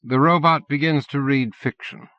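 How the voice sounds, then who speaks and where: A man reading an audiobook in a steady, measured narration. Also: mid-range voice, dry recording. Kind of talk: scripted narration. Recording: dull dry cassette-era audiobook recording.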